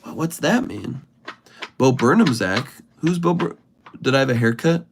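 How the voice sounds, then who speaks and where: A man's voice: medium pitch, expressive, normal speed, background noise. A man, an improv comedian, hosting a casual livestream, greeting viewers by name and answering their comments playfully.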